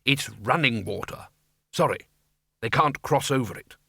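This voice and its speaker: Man voicing a flat, slow old wizard lecturer. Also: mid-range voice, vocal fry, breathy edge, no room sound, clean studio sound, full character voice. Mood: deliberate. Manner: flat, deliberate delivery.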